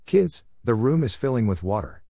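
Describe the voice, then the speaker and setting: Storybook mother, stern and calm, voiced by a man. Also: mid-range voice, normal speed, gravelly, breathy edge, no room sound, clean studio sound, heavily acted.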